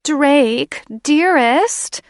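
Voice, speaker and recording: A woman's voice: a little slow, dry recording, studio quality, lightly acted. A woman voicing a haughty, spiteful female griffin shifter who sneers and shrieks her lines. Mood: mock cooing. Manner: sneering, shrill and venomous.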